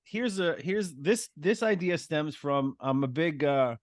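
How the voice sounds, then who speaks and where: A man's voice: on the high side, expressive, a little slow, no echo, clean studio sound. A man, a guest comedian, talking through joke ideas in a casual chat, storytelling and acting out little voices. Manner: storytelling, acts out voices for jokes.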